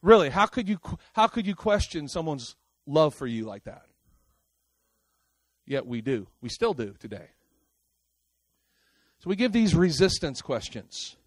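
A man preaching a sermon in a lively, casual way, swinging between loud outbursts and quiet asides and talking straight to the congregation. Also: very high-pitched, no room sound.

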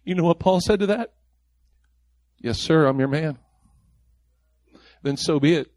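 A man's voice: a little high, a little slow, pauses often, darkish tone, no echo. A man preaching a sermon as pastor, mimicking the people he quotes in mocking voices.

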